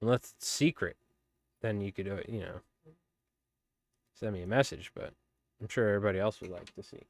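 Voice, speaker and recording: A man's voice: on the low side, a little fast, creaky, pauses often. A man hosting a fly tying live stream, chatting casually and rambling with viewers as he works. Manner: rambling, chatty, many fillers.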